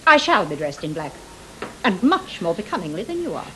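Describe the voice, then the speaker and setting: A haughty leading actress, cool and superior, in a 1980 television stage drama. Her voice sits lowish but moves expressively. The tape hisses clearly. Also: very animated, fairly quick, bright, forceful tone, rough recording. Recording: hissy old tape recording.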